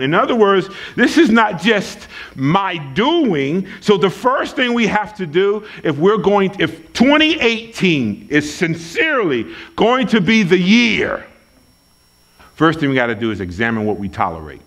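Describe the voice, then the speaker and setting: In a high, sing-song voice that is unhurried and a bit bright, a pastor preaches at a church service. His delivery is emphatic and conversational, with folksy asides and key lines repeated for weight.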